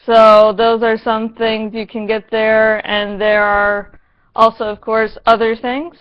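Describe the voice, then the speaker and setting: A woman's voice: on the high side, monotone, takes it slowly, highs cut off. A woman reviewing a TV episode in a casual vlog, sarcastic, playful and given to swearing.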